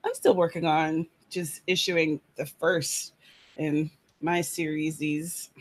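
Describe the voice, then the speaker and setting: A woman's voice: sits low, steady tone, takes it slowly. Chatty woman writer. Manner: chatty, rambling, many fillers. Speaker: writer hosting a live chat. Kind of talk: casual live-stream chat. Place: apartment room.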